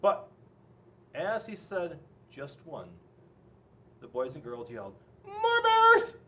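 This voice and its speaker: A man's voice: medium pitch, slow, recorded from a distance. A man, a police officer, reading a children's picture book aloud in a playful, exaggerated way. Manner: playful, animated, exaggerated storyteller. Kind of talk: children's storybook read-aloud.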